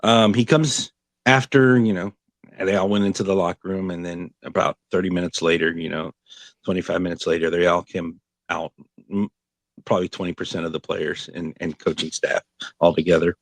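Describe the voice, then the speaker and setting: A man co-hosting a sports fan podcast, telling a story in a lively way, quoting people and laughing often. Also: low-pitched, fairly quick, no room sound. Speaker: podcast co-host. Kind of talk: casual podcast chat.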